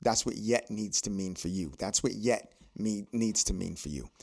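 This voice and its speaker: A man with a lowish voice gives a motivational podcast monologue. He talks like a preacher and drives his points home by repeating phrases. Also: moderate pace, creaky, a little mellow. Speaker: podcast host.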